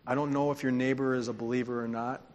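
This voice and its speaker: A man's voice: medium pitch, level tone, quick pace, a little mellow, dull audio. A man preaching a sermon as pastor, telling stories and calling on the congregation to answer back. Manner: storytelling, calls for congregation responses. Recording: long hall reverb.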